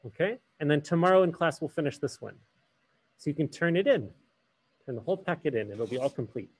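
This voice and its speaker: A man's voice: on the high side, expressive, fairly quick, a little mellow, husky. A man teaching a hybrid French class, switching between English and French and asking the students questions.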